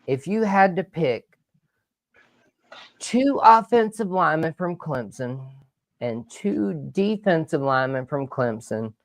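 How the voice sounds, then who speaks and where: A man hosting a live sports talk show, energetic and rambling, with loud outbursts. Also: fairly high pitch, slow pace, no room sound. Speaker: podcast host.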